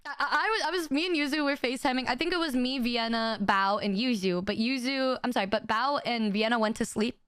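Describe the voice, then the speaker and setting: A young woman streamer telling a funny story in casual chat, animated and laughing often, with quick stammers and restarts. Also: smooth, dry recording, studio quality. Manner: acts out friends' lines in quick high bursts. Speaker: VTuber streamer.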